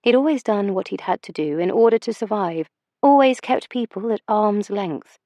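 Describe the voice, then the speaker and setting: A woman's voice: medium pitch, dry recording. Woman narrating a romance audiobook. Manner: measured, expressive storytelling.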